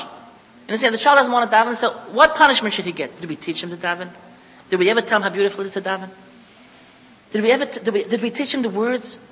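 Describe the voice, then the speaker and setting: A man with a high, sharp-toned voice gives a religious lecture to an audience, speaking emphatically, repeating key phrases, and mixing in Hebrew and Yiddish terms. The recording is rough, with a long reverb tail.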